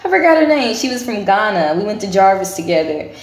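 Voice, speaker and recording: A woman talks casually to her camera, chatting and thinking aloud as she goes. Her voice sits at an ordinary middle pitch. The room around her is bare and echoey. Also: very animated, fast talker. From United States. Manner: chatty, thinking aloud while reading results. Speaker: vlogger.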